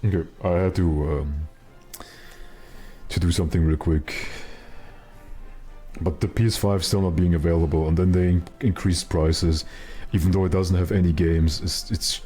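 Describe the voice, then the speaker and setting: A man with a very low, mellow voice chats through a live game stream. He rambles wryly and pokes fun at himself between plays, and faint game music runs quietly behind him. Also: fairly even intonation, normal speed. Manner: chatty, wry, self-mocking asides. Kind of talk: casual live gameplay commentary.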